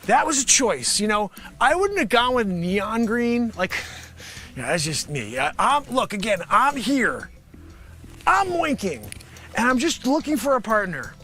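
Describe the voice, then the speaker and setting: A man improvising a comedy sketch as a brash, sarcastic pitchman. He rambles through a mock pitch, drops mumbled asides and then bursts into shouting. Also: big pitch swings, measured pace, soft background music. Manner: swings between mumbled asides and sudden shouted outbursts. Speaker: comedy show host pitching a mock product.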